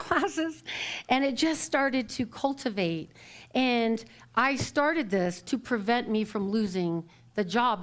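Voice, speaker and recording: A middle-aged woman minister giving a live storytelling sermon in church, acting out quoted voices and laughing as she goes. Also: mid-range voice.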